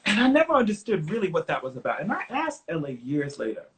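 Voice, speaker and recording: In a conversational interview, a middle-aged songwriter guest tells lively anecdotes and acts out other people's lines, turning earnest and openly emotional when he reflects. His pitch is fairly high and he talks fast, with slight background noise.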